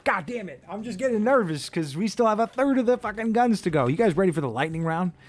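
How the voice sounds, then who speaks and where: A man's voice: high-pitched, expressive, quick pace. A man commentating casually while he plays a shooter game. He rambles, jokes and swears freely. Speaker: streamer.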